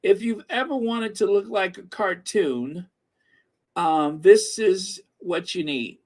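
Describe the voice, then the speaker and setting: Slow, chatty middle-aged man. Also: high-pitched, a little mellow. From American Midwest. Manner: chatty, laughs often, reads comments aloud with frequent fillers. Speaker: host reading live chat. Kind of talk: casual livestream chat.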